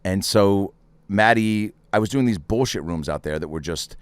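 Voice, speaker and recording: A man hosting a podcast in casual chat, telling stories with lots of swearing and quick impressions of other people. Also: lowish voice, clean tone, no room sound. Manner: animated storyteller, swears freely, does voices for others. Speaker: podcast host.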